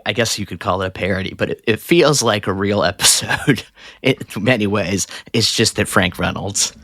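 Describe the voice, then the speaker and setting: A man co-hosting a podcast in casual chat, animated and laughing often, with a Southern US accent. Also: moderate pace, no echo, clean studio sound. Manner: animated, laughs often, mimics lines in a higher voice. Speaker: podcast co-host.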